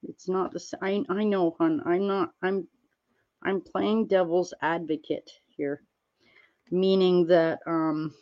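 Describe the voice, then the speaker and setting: A woman streaming, chatting casually with viewers while she crafts, rambling and gently reassuring them with lots of fillers. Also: fairly low pitch, fairly even intonation, slow, dull audio. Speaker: livestreamer answering chat.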